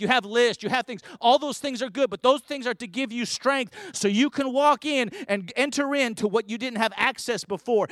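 A man preaching a sermon with a high, bright-edged voice. He tells stories in a conversational way, then rises to fervent, emphatic declarations. The sound is dry and close, with little room echo. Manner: storytelling, rising to fervent emphasis.

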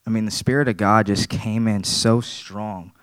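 A man's voice: lowish voice, fairly even intonation, normal speed, a bit bright, clear, resonant tone, no echo. A man giving a personal church testimony, earnest and plain-spoken, repeating his phrases.

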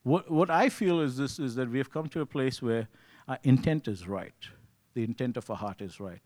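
A man preaches a conversational sermon in a mid-range, darkish voice at a moderate pace. He often asks "you see" and acts out his own inner voice in quotes.

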